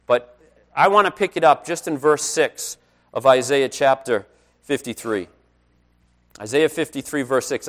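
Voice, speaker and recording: A middle-aged man, a pastor, preaching a conversational sermon and telling personal stories, growing louder on key points. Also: mid-range voice.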